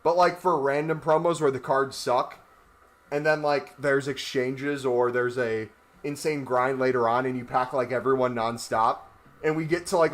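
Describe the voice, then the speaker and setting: A man chatting casually on a gaming livestream, rambling and joking while he walks on a walking pad. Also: a little high. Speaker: gaming streamer.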